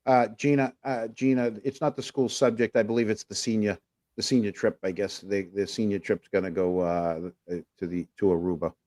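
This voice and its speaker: A man's voice: on the low side, fairly even intonation, brisk, darkish tone. A man co-hosting a casual livestream talk show, rambling through viewer comments with plenty of fillers. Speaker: podcast co-host.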